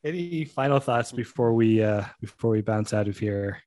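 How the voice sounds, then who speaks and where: A man's voice: on the low side, moderate pace, dark tone, no echo. A man hosting a podcast, chatting casually and joking around. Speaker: podcast host. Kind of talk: casual chat.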